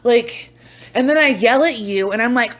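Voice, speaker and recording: A woman's voice: fairly high pitch, a little fast. Blunt, swearing young woman podcaster. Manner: blunt, swears freely, animated storytelling. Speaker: podcast co-host. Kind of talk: casual chat.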